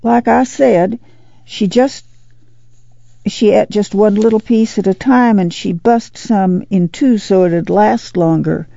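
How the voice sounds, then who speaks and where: Male reader voicing a young country boy, higher and hurried, dry lo-fi audiobook. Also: gravelly, dark tone, no echo, full character voice. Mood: breathless. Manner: rushed, tumbling storytelling.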